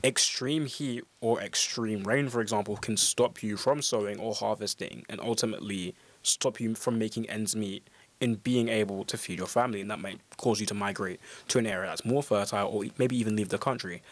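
A man with a fairly low voice talks through ideas in a steady, explanatory way. The sound is dry and close, with no room around it. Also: brisk, dry recording. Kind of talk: casual discussion.

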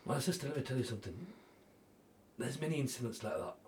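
A man making a charity appeal on TV. He swings between loud, pressing urging and hushed, intimate storytelling. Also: mid-range voice, expressive, fast talker, a little hiss or hum. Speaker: charity fundraiser. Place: TV studio.

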